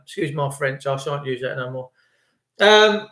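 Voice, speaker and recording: A man's voice: high-pitched, normal speed, a bit bright, roomy sound. A man delivering an indignant, sarcastic ranting monologue. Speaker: vlogger.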